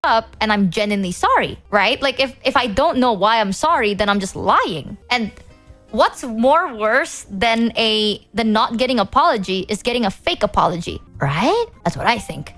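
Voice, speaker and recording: Chatty young woman streamer, higher voice. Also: sing-song, normal speed, a bit bright, soft background music. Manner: rambling, self-doubting, many restarts. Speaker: VTuber streamer. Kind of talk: casual livestream chat.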